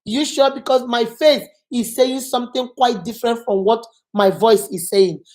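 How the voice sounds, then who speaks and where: A woman's voice: a little high, fairly even intonation, normal speed, darkish tone. Earnest middle-aged woman hosting. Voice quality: earnest, emphatic, repeats for stress. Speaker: channel host. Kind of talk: casual advice talk.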